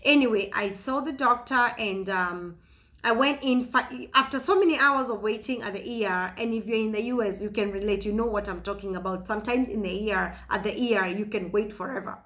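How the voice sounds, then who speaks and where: Woman, 30s, vlogger recounting her own story; bright tone, starts and restarts often. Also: mid-range voice. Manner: halting, many fillers and restarts. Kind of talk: personal storytelling.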